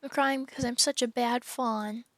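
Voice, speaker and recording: A woman's voice: fairly high pitch, fairly even intonation, normal speed, no room sound, natural voice. A woman voicing a gloomy, guilt-ridden male faun who talks mournfully between sobs. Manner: sobbing, mournful.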